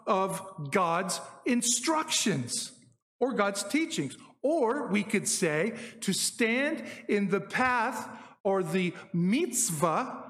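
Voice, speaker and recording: A man's voice: sits high, a bit bright, big-room sound. A man giving a Bible teaching in a conversational, explanatory way, often checking in with the listeners. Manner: explanatory, conversational, frequent "okay?" check-ins. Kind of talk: Bible teaching on Hebrew words.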